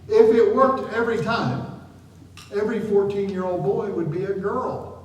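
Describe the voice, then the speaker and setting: A man's voice: high voice, fairly even intonation, normal speed. A middle-aged man giving a chatty, jokey seminar talk to a live audience, often laughing as he speaks. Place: large room with an audience. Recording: distant, echoey hall with noise.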